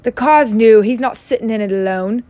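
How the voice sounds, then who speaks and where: A woman voicing a stern, blustering middle-aged uncle who talks gruffly. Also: a little high, normal speed, dark tone, dry recording, natural voice.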